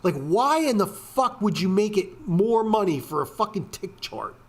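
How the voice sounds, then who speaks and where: A trading video host talks through charts on a relaxed screen share in a high, sing-song voice at a moderate pace. He rants profanely, with lots of swearing and filler words.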